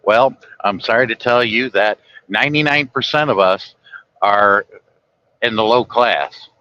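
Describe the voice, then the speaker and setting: A man's voice: on the low side, unhurried, bright, forceful tone, highs cut off. A man driving a truck, chatting casually and folksily with viewers from the road. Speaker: truck driver livestreaming. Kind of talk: casual rambling talk to viewers. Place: truck cab on the highway.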